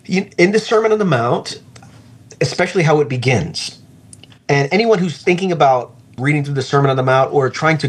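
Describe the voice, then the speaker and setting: An earnest man in the middle of his range, talking as a pastor in a relaxed interview. He is reflective and unhurried, and he slows right down whenever he wants a point to land. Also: medium pitch.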